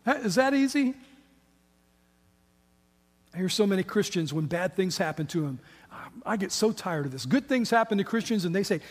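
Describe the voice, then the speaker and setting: A man's voice: animated, moderate pace, long pauses. A man preaching a sermon as pastor, building to emphatic, fervent peaks. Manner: impassioned preaching, rising to high emphatic peaks, then quiet in prayer. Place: church sanctuary. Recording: long reverb of a large hall.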